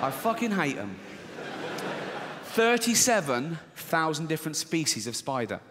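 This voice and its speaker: Animated stand-up comic man in a hall. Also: unhurried, slight background noise. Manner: deadpan, swearing, acts out high squeaky voices. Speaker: stand-up comedian. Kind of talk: stand-up comedy. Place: large theater with audience. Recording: live theater, audience laughter.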